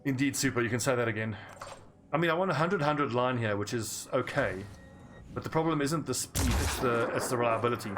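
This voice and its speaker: A man's voice: medium pitch, a little fast, music in the background. A man with an English South African accent, chatting casually and rambling while he plays a game. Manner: rambling, chatty, laughs easily. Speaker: gaming streamer. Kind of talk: casual chat over gameplay.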